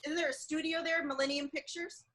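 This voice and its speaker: A woman's voice: high voice, fairly even intonation, brisk. A woman co-hosting a casual interview, asking eager questions and laughing often. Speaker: co-host. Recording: crowd chatter behind.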